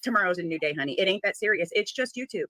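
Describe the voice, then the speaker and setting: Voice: mid-range voice, expressive, rapid-fire, bright, forceful tone. A panelist on a live-stream chat giving blunt, sassy advice. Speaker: panel member.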